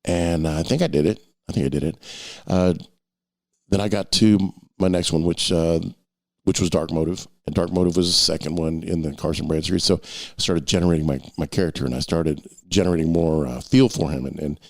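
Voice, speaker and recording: A man's voice: low-pitched, steady tone, brisk, no room sound, clean studio sound. A middle-aged man and novelist talking casually to camera in a rambling, long-winded way with frequent restarts.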